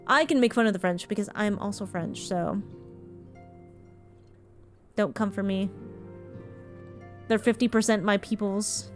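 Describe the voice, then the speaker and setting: A woman's voice: mid-range voice, unhurried, pauses often, faint music behind. A woman from Ontario in Canada, chatting frankly and casually with her viewers while she streams a game, swearing now and then. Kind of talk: casual live-stream chat while gaming.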